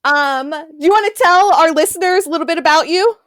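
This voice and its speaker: High-voiced giggly woman podcast host. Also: brisk, fairly bright tone, dry recording. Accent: Southern-tinged. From near Pittsburgh. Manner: giggly, chatty. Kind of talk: casual podcast chat. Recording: dry close mic.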